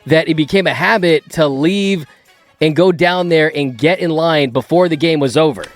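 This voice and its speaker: A middle-aged man hosting a sports talk show, telling lively stories in a casual, animated way. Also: moderate pace, no room sound, soft background music. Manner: animated, acts out his own past outbursts in a higher voice. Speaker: sports podcast host. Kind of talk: casual storytelling chat.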